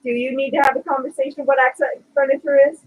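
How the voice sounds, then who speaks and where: A woman co-hosting a casual podcast, telling a sarcastic retail story in a lively, chatty way. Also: high-pitched, fast, low-quality recording. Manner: animated, sarcastic retelling of a retail customer. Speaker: podcast co-host.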